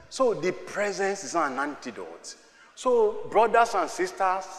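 A male pastor preaches in a sharp, forceful voice that sits high for a man. He works the congregation with call-and-response, sliding from quiet asides up to shouting. The sound is roomy, with reverb trailing off in a large hall. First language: Yoruba. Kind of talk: sermon. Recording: echoey hall with long reverb.

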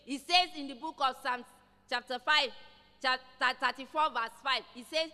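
A woman preaches with fervent, emphatic conviction, her voice high and bright. Her words ring out with a long reverb trailing behind them, as if she stands in a large church hall. She presses each point home with rising intensity. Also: moderate pace. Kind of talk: sermon.

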